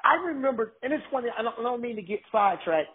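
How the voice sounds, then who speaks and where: A man telling excited stories in a casual chat, often restarting his sentences. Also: extremely high pitch, racing, breathy edge. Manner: excited, animated storytelling with restarts. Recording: thin phone-like line.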